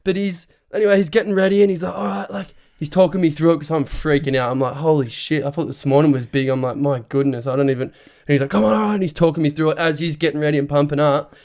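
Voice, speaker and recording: A man hosting a podcast and telling a story with energy. His voice sits a little high. He swears freely and acts out what people said. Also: fast. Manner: animated, swearing, acts out quotes. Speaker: podcast host. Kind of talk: casual storytelling chat.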